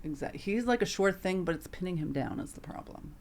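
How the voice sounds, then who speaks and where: A woman co-hosting a podcast, her voice sitting on the low side. She chats casually and tells stories with animation, leaning on plenty of fillers along the way. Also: fairly quick, a little hiss or hum. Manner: animated storytelling, filler-heavy. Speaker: podcast co-host. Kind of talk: casual chat.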